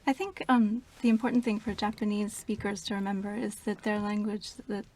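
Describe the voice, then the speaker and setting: A woman who is a guest in an interview, explaining her ideas in a thoughtful, measured way. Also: mid-range voice, level tone, dark tone. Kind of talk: conversational interview.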